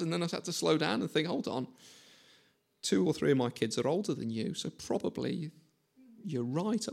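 Chatty preacher, slightly high voice. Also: male voice, expressive, normal speed, gravelly. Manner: chatty, self-mocking, asks listeners questions. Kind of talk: conversational sermon.

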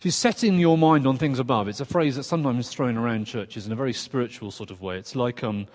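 A man delivers a sermon in an earnest, conversational way, stopping for quick asides and restarting his phrases as he goes. His voice sits in an ordinary middle register. The recording carries the long, lingering reverb of a church hall. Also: medium pitch. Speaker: preacher.

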